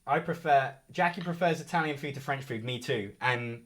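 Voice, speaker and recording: A man's voice: mid-range voice, moderate pace, a bit bright. A young man co-hosting a live game show stream, joking around and reading viewer comments aloud.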